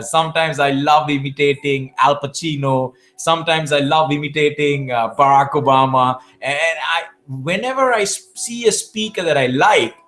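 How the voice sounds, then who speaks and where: A South Asian man with a voice on the high side and a bit bright answers questions from viewers in a live Q&A. He's a public speaking champion who gives emphatic coaching advice and often starts his words over.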